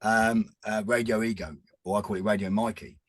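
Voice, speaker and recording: A man's voice: lowish voice, steady tone, brisk, dry recording. A man, talking earnestly and rambling in a casual chat as a podcast guest. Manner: rambling, restarts often, earnest.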